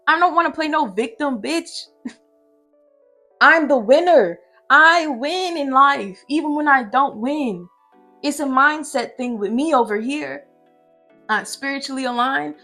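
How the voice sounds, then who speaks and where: Her voice sits high with a sharp tone as this young online commentator delivers heated reaction commentary. She rants brashly, swearing, from her room at home, faint music audible in the background.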